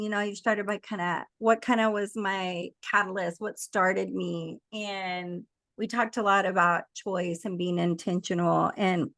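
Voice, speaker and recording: A middle-aged woman coach, a guest in an interview, telling a personal story in a reflective, unhurried way. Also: mid-range voice, a bit bright, no room sound. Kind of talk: conversational interview.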